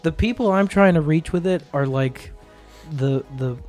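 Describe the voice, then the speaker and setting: A man's voice: a little high, moderate pace, darkish tone. A man talking as a podcast guest, earnest and searching for words with repeated starts. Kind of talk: casual podcast chat. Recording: lofi music underneath.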